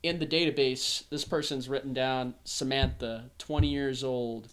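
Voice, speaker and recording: A young man from the American South hosting a podcast, telling a story in a casual, animated way. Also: medium pitch, moderate pace. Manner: animated storyteller, acts out voices. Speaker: podcast host. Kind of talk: casual chat.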